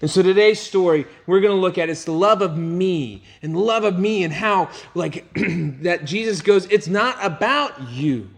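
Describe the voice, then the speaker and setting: A man's voice: sits high, normal speed. A young man, a youth pastor, teaching a Bible lesson and acting out the people in the story. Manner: animated storytelling, acting out voices of crowd and Jesus.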